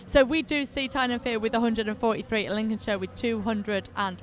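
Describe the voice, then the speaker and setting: A high-pitched woman calls a roller derby game, chatty and quick to laugh at herself. Her voice sits well above the usual range for a woman. Faint noise hums behind her. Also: fairly even intonation. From England. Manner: chatty, giggly, self-mocking. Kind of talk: live sports commentary.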